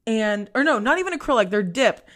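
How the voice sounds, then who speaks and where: A young adult woman hosting a podcast, telling a personal story in a candid, profane, animated way. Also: a little high, a little fast. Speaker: podcast host.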